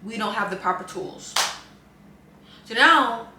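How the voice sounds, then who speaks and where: A woman in her 20s from New Orleans, USA, vlogs a casual storytime, retelling events in an animated, chatty, dramatic way. Her voice sits on the high side and she takes it slowly. It's recorded on a camera mic with roomy echo, a faint hum, and her voice a bit off-mic.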